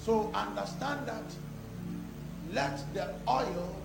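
Male pastor, high gravelly voice, fervent call-and-response preaching, roomy church sound over loud music. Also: slow pace. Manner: preaching that builds to shouted prayer. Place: church service.

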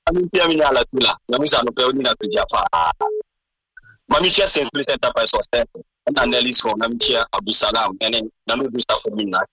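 A man calling in to a sports radio show, excitedly firing off questions. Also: medium pitch, fast, breathy edge, no echo, recorded from a distance, rough recording. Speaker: caller.

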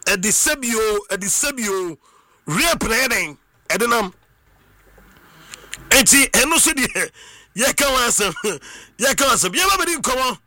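High, sharp-voiced Ghanaian man shouting. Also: moderate pace, no echo. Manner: excitable, bursts into shouts and sing-song. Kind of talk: animated monologue mixing Twi and English.

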